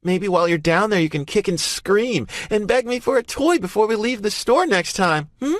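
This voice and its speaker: A man voicing a fierce, stubborn young woman who talks in a loud, cutting, high-pitched way in an audiobook. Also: moderate pace, dry recording. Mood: mocking.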